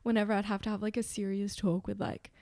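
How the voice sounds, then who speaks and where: A young woman talks candidly on a podcast, quick to laugh. The recording is dry, with no room sound. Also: medium pitch, little pitch movement, a little mellow, no room sound. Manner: candid, chatty, laughs often. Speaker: actress guest. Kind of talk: casual podcast conversation.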